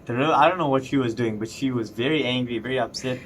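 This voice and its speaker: A man's voice: mid-range voice, fast talker, a little hiss or hum. A young man co-hosting a podcast, chatting casually and laughing, often repeating his words. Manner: animated, laughing storyteller who repeats himself. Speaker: podcast co-host. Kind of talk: casual chat.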